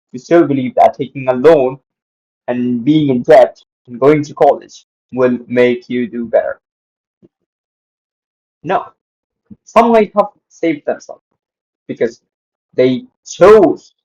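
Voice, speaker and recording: A man's voice: medium pitch, mellow, muffled recording. A man hosting his own channel, delivering an emphatic, repetitive opinion monologue. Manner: repetitive, emphatic, says "literally" often. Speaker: channel host.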